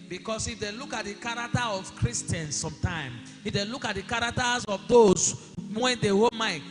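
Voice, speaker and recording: A male pastor with preaching a sermon, asking the congregation questions and rising to shouts. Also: high voice. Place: church hall. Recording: long hall reverb with music behind.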